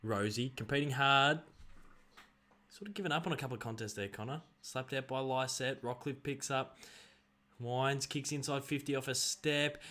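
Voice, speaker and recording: An Australian man streaming casual live play-by-play, excitably rattling off player names and breaking into loud calls. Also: mid-range voice, normal speed. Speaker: streamer commenting on a live game.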